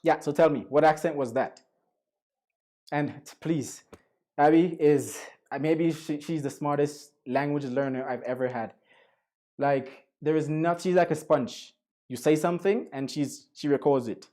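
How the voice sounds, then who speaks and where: Guy giving a webinar talk, mellow voice, chatty and coaxing, slips into spanish now and then. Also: on the high side, a little slow. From Jamaica. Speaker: guest lecturer. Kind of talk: online webinar lecture.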